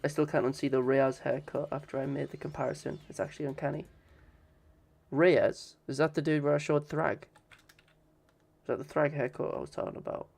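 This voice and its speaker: A man's voice: fairly high pitch, level tone, brisk, gravelly, a little mellow. A man streaming casually, swearing and bantering with his chat.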